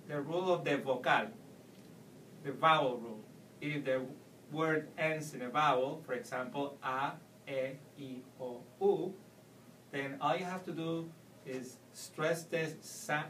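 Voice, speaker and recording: A man giving a Spanish pronunciation lesson, slowly explaining and repeating example words. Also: fairly high pitch, fairly bright tone, a little hiss or hum. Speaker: Spanish teacher. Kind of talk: video language lesson. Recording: echoey room, mic at a distance.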